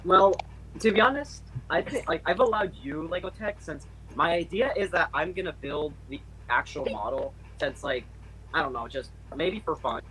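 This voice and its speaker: A young man with a slightly high voice talks casually on a group call, rambling and restarting his sentences. Faint hiss runs under his voice. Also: expressive, moderate pace, fairly bright tone, low-quality recording. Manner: rambling, many fillers and restarts. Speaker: channel host.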